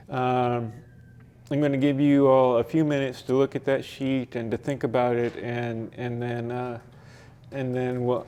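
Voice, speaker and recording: A man leading a library poetry workshop, explaining sonnet form slowly with frequent fillers and restarts. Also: mid-range voice, warm tone, clean tone. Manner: slow, halting explanation with many fillers and restarts. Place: library meeting room.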